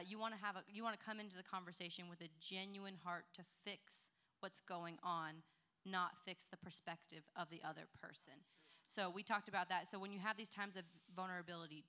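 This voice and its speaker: Woman pastor hosting a panel; crisp bright tone, calm and matter-of-fact. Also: on the low side. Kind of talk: panel moderation.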